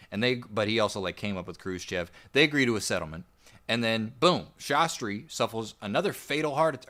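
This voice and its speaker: A man with a notably deep, low voice walks through history in an easygoing, rambling manner. He co-hosts a casual podcast and leans on fillers as he talks. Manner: relaxed, rambling storyteller with fillers. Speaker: podcast co-host.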